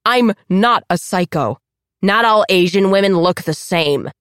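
A woman's voice: high voice, wildly swooping pitch, fairly quick, husky, no echo, clean studio sound, pitched above the performer's own voice, heavily acted. Woman voicing a scornful, snapping young woman. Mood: hostile. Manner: sharp, snapping delivery.

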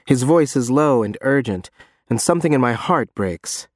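A man's voice: medium pitch, lively intonation, moderate pace, no room sound, studio quality. Man narrating a tense story. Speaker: audiobook narrator. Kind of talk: first-person scripted narration.

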